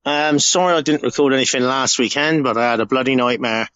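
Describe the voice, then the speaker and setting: A man's voice: mid-range voice, fairly quick, a bit bright, clean tone, highs cut off. A middle-aged man from the UK telling a rambling, emotional story in a casual recorded message, swearing freely. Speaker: podcast segment contributor.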